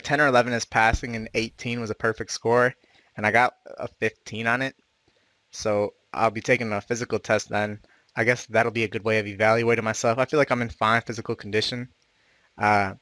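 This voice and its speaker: A man's voice: mid-range voice, bright, forceful tone, smooth, dry recording. A man, hosting a casual group chat, swearing freely and talking loosely. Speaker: host.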